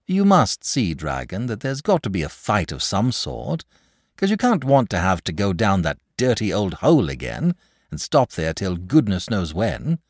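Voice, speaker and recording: A man voicing an eager, blunt village boy who talks briskly and impatiently, in a storybook reading. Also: fairly low pitch, huge pitch swings, no echo, studio quality, voice pushed up, exaggerated voice.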